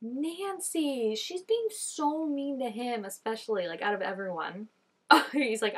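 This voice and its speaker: Woman doing a tv episode reaction, chatty and excitable, laughs a lot, talks right back at the screen. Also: on the high side, slow. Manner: animated, laughing often, gasps, exclaims at the screen. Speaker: TV show reactor. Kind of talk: casual reaction commentary.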